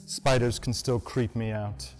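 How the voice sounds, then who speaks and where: A man's voice: mid-range voice, steady tone, unhurried. A man in a mid-range voice introducing spooky stories. He speaks with playful, theatrical asides. Faint music sits behind him. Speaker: host persona introducing stories. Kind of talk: spooky show hosting.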